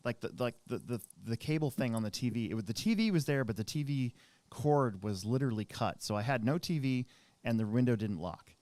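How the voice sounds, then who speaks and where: A man's voice: medium pitch, expressive, a little fast, a little mellow, dry recording. A man in his thirties hosting a podcast, telling a long rambling story in casual chat with many restarts. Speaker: podcast co-host.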